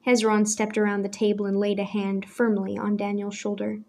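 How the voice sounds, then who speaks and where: A woman reading a novel aloud in measured, scripted storytelling narration. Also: medium pitch, monotone, creaky, darkish tone, a little hiss or hum. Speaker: audiobook narrator.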